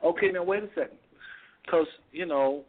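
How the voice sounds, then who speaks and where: A man's voice: on the high side, moderate pace, a crowd in the background. A man hosting a talk show, speaking colloquially and thinking aloud as he questions a guest. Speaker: host. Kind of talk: casual talk show on deliverance. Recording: tinny phone line.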